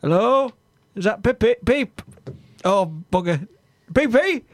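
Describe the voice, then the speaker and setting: A man's voice: very high-pitched, animated, slow, exaggerated voice. A man playing a daft, flustered bloke. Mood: bumbling. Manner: bumbling, flustered, full of false starts. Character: daft, fretful man tending his allotment. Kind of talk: improv comedy scene.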